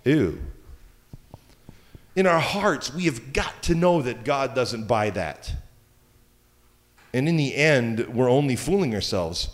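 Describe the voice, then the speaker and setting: A man's voice: medium pitch, expressive, unhurried. A man preaching a sermon as pastor, talking in a conversational way with joking asides. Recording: long hall reverb.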